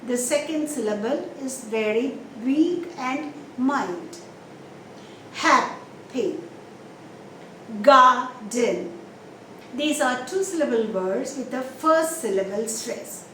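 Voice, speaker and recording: A woman teaching English pronunciation, explaining slowly and carefully and stretching out example words to show where the stress falls. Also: high-pitched, expressive. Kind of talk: slow, deliberate classroom explanation. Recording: roomy echo, faint background noise.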